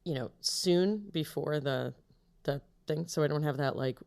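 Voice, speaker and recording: A woman's voice: sits low, measured pace, vocal fry, darkish tone. Rambling woman podcast co-host. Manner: rambling, loses her train of thought. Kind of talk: casual chat.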